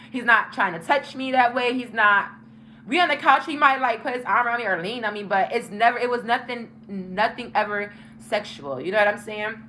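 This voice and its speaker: A woman's voice: on the high side, bright, forceful tone, slight background noise, rough recording. A young woman hosting a casual storytime vlog, talking frankly and emphatically with lots of profanity. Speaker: tarot channel host.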